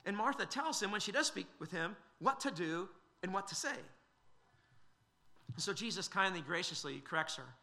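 A man's voice: sits high, lively intonation, moderate pace, bright, forceful tone. A man preaching a sermon, earnest and questioning, with frequent fillers and restarts.

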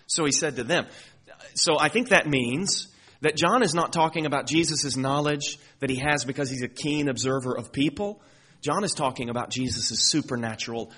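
A man's voice: mid-range voice, fairly bright tone. A man preaching a sermon as pastor, earnest and building to emphatic peaks as he reads and explains scripture.

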